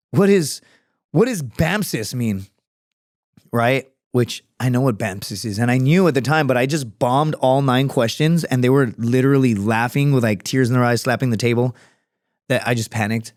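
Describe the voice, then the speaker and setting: A man in his thirties tells stories in a loose, rambling way, full of swearing and sudden tangents. His voice sits at an ordinary middle pitch. The sound is close and dry, with no room behind it. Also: no room sound. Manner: rambling, profane, jumps between stories. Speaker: podcast guest, former Marine scout sniper and comedian. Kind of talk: casual storytelling chat.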